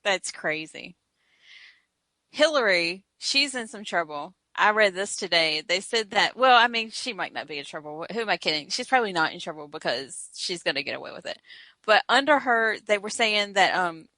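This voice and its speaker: A woman's voice: medium pitch, lively intonation, a little fast, pushed and bright, dry recording. A Southern woman co-hosting a podcast, chatty and opinionated, often laughing. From American South. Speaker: podcast co-host. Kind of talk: casual chat.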